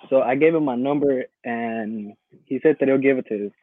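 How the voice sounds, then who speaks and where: A man's voice: mid-range voice, brisk, no echo. Hesitant man on a tinny call line. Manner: hesitant, many uhs. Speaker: caller. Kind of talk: casual call-in chat. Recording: tinny phone-like call audio.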